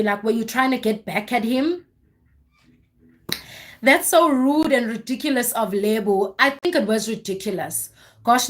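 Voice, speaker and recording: A woman hosting a livestream, recapping a reality show in casual chat with animated, exasperated storytelling. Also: high voice. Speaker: livestream host.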